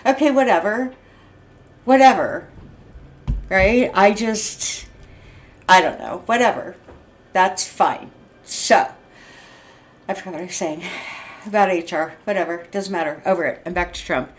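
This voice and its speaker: A woman's voice: mid-range voice, measured pace, pauses often. An agitated woman in her sixties vents to camera in a rambling monologue. She laughs between thoughts, swears freely, and restarts her sentences as she talks. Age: 60s. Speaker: vlogger. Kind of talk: unscripted venting monologue.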